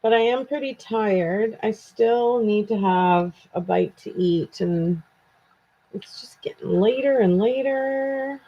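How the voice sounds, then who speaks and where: Tired Canadian woman hosting a live stream, slow-talking and chatty, on dull lo-fi audio. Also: on the high side. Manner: chatty and self-deprecating, answers viewer comments. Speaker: true crime channel host. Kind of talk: casual live-stream chat with viewers.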